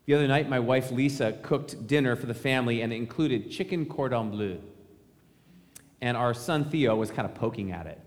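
A man's voice: medium pitch, normal speed. Preaching man in a reverberant church. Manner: conversational preaching with rhetorical questions. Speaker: pastor. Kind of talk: sermon. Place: church sanctuary.

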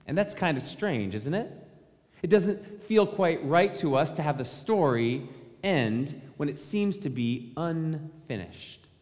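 This pastor takes his sermon slowly, his slightly high, slightly mellow voice rising and falling with lively intonation. He speaks conversationally and asks the congregation rhetorical questions. The church sanctuary adds a long reverb.

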